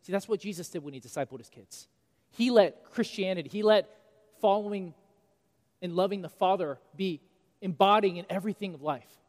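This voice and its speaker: A man in his thirties preaching a sermon as pastor, animated and swinging between loud and quiet for emphasis. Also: high-pitched, fairly quick. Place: church sanctuary. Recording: long reverb of a church hall.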